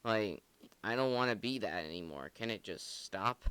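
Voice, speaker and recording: A male podcast host talks through song lyrics in a loose, earnest ramble packed with filler words. His voice sits a little low but comes across bright and forceful, with a smooth, clear tone. The sound is dry and close. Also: expressive, moderate pace, no room sound. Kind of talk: casual song analysis chat.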